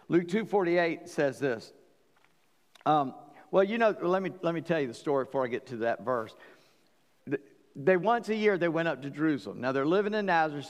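Gravelly male pastor in a reverberant hall. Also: medium pitch. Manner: storytelling, joking asides, shifts between loud and quiet. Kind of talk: sermon.

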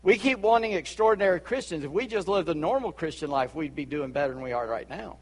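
Southern pastor preaching in a hall. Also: male voice, fairly high pitch, animated, quick pace, slightly rough. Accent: Charleston Southern US. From Charleston, South Carolina. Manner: conversational preaching with asides and laughter. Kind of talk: sermon.

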